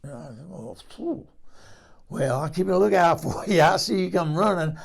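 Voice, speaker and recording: A man's voice: high voice, normal speed, gravelly, full character voice. A man playing a frank older woman who rambles through a comic story and laughs at herself. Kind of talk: comic character monologue.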